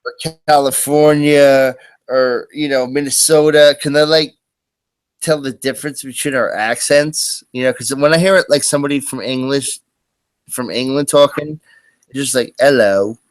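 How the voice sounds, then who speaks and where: A man's voice: mid-range voice, fairly even intonation, moderate pace, clear, resonant tone, no room sound. A man hosting a live stream, chatting casually and rambling with lots of fillers and restarts. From US East Coast. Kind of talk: casual chat.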